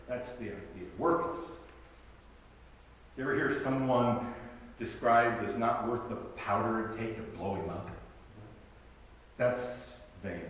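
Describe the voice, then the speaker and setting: A man's voice: on the low side, slight background noise. A man, a pastor, preaching a sermon in a conversational way, with wry humor and emphatic rhetorical questions. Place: church sanctuary. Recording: very echoey church hall, from far off.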